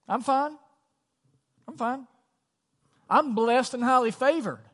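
A man voicing a churchgoer who insists everything is fine, with forced cheery brightness, in long church reverb. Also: very high voice, takes it slowly, voice pushed up, full character voice. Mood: forced cheer.

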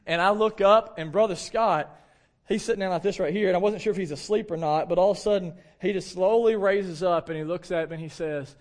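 A fairly high-voiced man, preaching from the pulpit. He tells stories in a lively, self-deprecating way, full of casual fillers and asides to his congregation. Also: fairly quick. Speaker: pastor. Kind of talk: storytelling sermon.

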